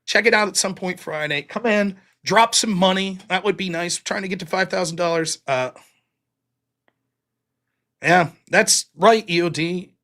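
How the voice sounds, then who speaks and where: Talking to viewers on his own livestream, this host rambles bluntly and casually, dropping in some mild swearing. His male voice sits high and comes out a little fast, pushed and bright, with hardly any pauses.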